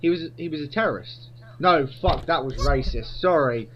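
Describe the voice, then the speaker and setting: A man's voice: on the high side, normal speed, highs cut off, very noisy. A man co-hosting a podcast in casual comedy chat, rambling and swearing a lot. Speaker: podcast co-host.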